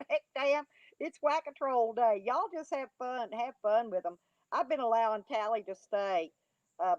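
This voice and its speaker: A woman's voice: mid-range voice, dry recording. Livestream host, woman, mocking and laughing, dry and slightly dull sound. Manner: mocking, taunting, laughing often. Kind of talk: casual livestream chat, reading and answering chat.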